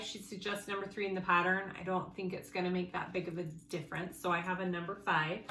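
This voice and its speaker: A woman's voice: medium pitch, bright, forceful tone. A woman hosting a casual sewing tutorial, chatting as she goes over her pieces and correcting herself along the way. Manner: chatty, thinking aloud, self-correcting. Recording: echoey room, faint background noise.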